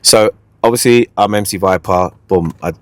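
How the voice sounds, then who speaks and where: A man hosting a podcast, telling a dating story in a playful, animated way and repeating his own catchphrases. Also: lowish voice, fast, no echo. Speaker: podcast host. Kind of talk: casual storytelling chat.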